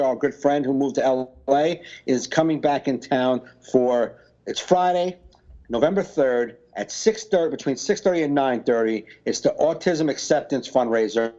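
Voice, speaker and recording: A man co-hosting a podcast, chatting casually, telling stories at length with restarts and quick bursts of mimicry. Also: mid-range voice, lo-fi sound. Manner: rambling, animated storytelling with impressions. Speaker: podcast co-host. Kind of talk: casual chat.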